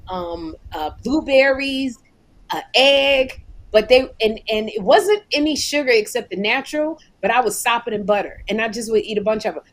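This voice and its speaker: Middle-aged woman comic co-host, animated storyteller, slightly high voice. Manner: animated storyteller, acts out quotes. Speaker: podcast co-host. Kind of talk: casual comedic chat.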